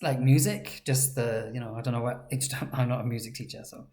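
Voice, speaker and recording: A woman teaching a language lesson in a relaxed, chatty way, with playful asides and sounds spelled out slowly. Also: rumbling low, soft background music.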